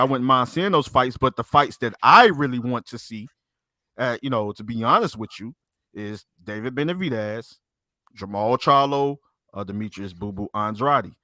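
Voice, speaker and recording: A man on a boxing podcast, talking in a halting, repetitive way and arguing his point in a heated casual debate. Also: medium pitch, sharp tone, no echo.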